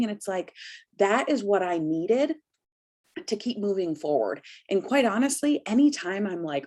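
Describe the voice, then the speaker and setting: A woman's voice: medium pitch, normal speed. Host, woman in her 30s, upbeat pep talk over a video call, emphatic, calls everyone "you guys". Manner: energetic, emphatic, addresses listeners as "you guys". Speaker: host of a business product call.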